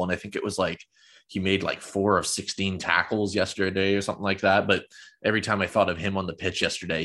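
A young man hosts a fan football podcast in a relaxed, rambling way, full of fillers and self-deprecating asides. His voice sits very low. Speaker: podcast host. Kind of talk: casual football podcast chat.

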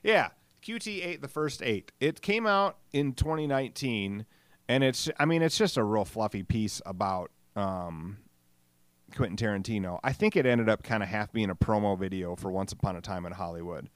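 A man's voice: fairly low pitch, animated, moderate pace, no echo. A middle-aged man hosting a solo podcast, rambling casually, swearing freely and joking about himself. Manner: rambling, profane, self-deprecating. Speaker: podcast host.

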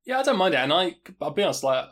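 A man's voice: on the high side, very animated, very fast, a bit bright. A British man co-hosting a podcast, chatting casually about games with a laugh between points. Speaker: podcast co-host. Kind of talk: casual gaming chat.

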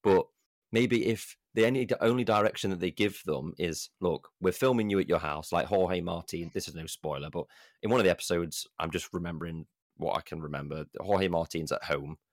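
Deep-voiced British man ranting casually. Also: brisk, no room sound, studio quality. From United Kingdom. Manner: blunt, rambling, swears freely, mimics others. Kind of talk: casual podcast chat.

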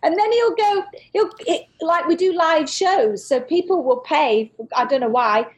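A woman in her fifties from northern England, a podcast host chatting in a cheeky, animated storytelling way. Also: extremely high pitch, measured pace. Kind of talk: casual chat.

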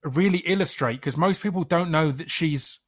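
A man interviewing a guest, enthusiastic and halting, restarting his questions often. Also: on the high side. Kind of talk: interview conversation.

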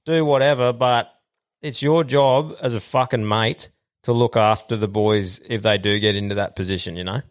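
A man's voice: lowish voice, steady tone, normal speed. An Australian man hosting a podcast, chatting casually and swearing in a laid-back, blokey way. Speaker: podcast host. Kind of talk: casual chat.

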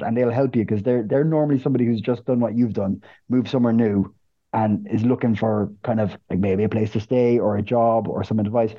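An Irish man co-hosting a podcast, telling stories in casual chat, animated and cursing freely. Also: mid-range voice, dull audio. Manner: animated, swears freely, repeats words while storytelling. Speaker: podcast co-host.

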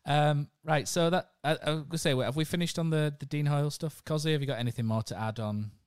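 A man's voice: fairly high pitch, quick pace, a little mellow, smooth, dry recording, clean studio sound. A man hosting a casual podcast, chatting in a rambling way and telling stories. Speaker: podcast host.

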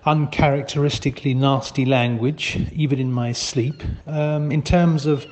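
A man's voice: medium pitch, steady tone, normal speed, darkish tone. A man leaving a hesitant, matter-of-fact voicemail for a friend in a comic sketch, full of ums.

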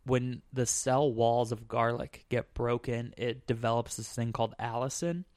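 A man chatting on his own podcast in a relaxed, wandering way, circling back and stacking filler words as he explains. His voice sits in an average range, recorded close and dry with no room sound. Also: medium pitch, normal speed, no room sound. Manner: rambling, many "like" fillers. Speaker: podcast host. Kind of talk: casual chat.

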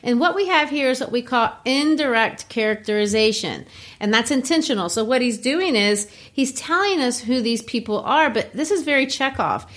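A woman co-hosting a literary discussion, explaining the text in an animated, teacherly way. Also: a little high, moderate pace. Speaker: co-host.

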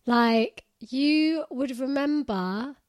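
A woman's voice: sits high, drawn-out words, no echo, clean studio sound. Reflective young woman co-host. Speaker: podcast co-host. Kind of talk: casual chat.

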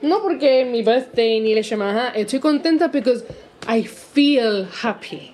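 A woman in her forties with a Gibraltarian accent and a voice pitched a little high. She co-hosts a relaxed chat show, talking bluntly with a dry sarcastic edge. She slides between English and Spanish within a sentence. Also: normal speed, slight background noise. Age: 40s. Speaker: co-host. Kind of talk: casual chat.

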